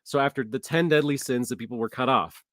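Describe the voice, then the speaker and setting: A man's voice: mid-range voice, fast talker, fairly bright tone, no room sound, clean studio sound. A man teaching a casual Bible study, thinking aloud in a conversational way with frequent restarts.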